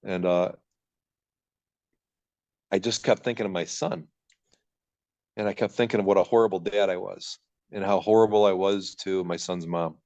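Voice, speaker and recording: A man's voice: deep voice, fairly even intonation, moderate pace, long pauses, darkish tone. A man telling his personal story as a podcast guest, in a raw, rambling way, swearing freely. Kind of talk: candid personal recovery story.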